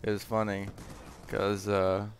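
Young guy doing gameplay commentary, flat monotone, rambly and hesitant. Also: fairly low pitch, slow, a little hiss or hum. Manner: rambling, hesitant, many fillers.

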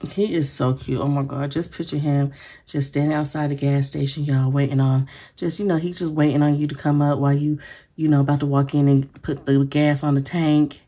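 A woman's voice: low-pitched, flat delivery, brisk, warm tone. A woman chatting casually to viewers while showing a sticker haul, giggly and gushing. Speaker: planner sticker vlogger. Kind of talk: casual chat.

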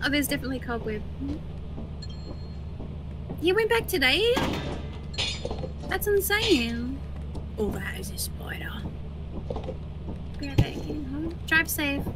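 A woman's voice: high-pitched, lively intonation, measured pace, long pauses, noisy background. A young woman streaming a game, chatting casually and playfully, laughing often and teasing her co-player. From half British, mother from Kent. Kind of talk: casual chat while gaming.

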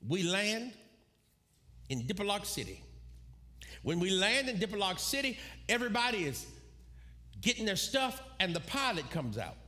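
A man preaching a sermon, telling a story with animated, shouted quotes and bursts of laughter. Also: high voice, unhurried, long pauses. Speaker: pastor.

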